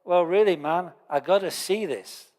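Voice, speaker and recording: A man's voice: high-pitched, measured pace, a little mellow. A man doing a naive, wide-eyed frog. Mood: curious, amazed. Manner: curious and incredulous. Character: naive male frog stuck in a well. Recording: long hall reverb.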